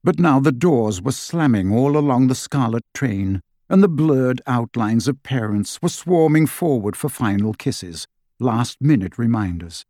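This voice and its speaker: A man narrating an audiobook in a measured, expressive storytelling manner, recorded close in a studio. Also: mid-range voice, no echo. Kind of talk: scripted narration. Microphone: close studio mic.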